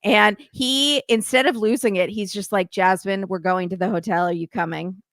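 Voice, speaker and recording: A woman in a mid-range voice recaps a reality TV episode with animated storytelling, slipping into quoted lines as she goes. The sound is dry and close-miked. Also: mid-range voice, moderate pace, dry recording. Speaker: podcast guest.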